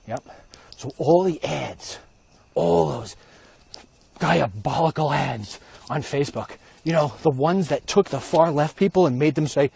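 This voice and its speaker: A man's voice: a little high, measured pace, creaky, darkish tone, slight background noise. A man vlogging while he walks, rambling through a comic rant with mock-conspiratorial asides. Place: outdoors, walking.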